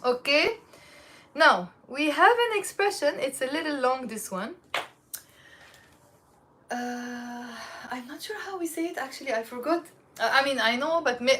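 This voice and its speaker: A woman with a Lebanese accent giving a casual language lesson, chatty, repeating phrases slowly and checking in with "okay?" often. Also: high voice, a bit bright. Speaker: Arabic teacher.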